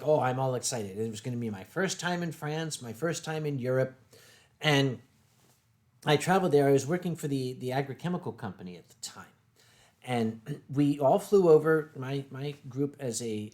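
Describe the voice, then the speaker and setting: A middle-aged man hosting a casual stream, telling wry, drawn-out anecdotes with deadpan punchlines. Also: mid-range voice. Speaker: streamer host. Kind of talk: casual storytelling chat.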